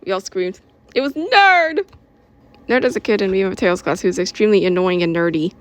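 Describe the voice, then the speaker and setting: A woman's voice: on the low side, fairly even intonation, fast, darkish tone. A woman reading her own story aloud in a casual way, correcting herself as she goes. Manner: informal, with self-corrections and giggles.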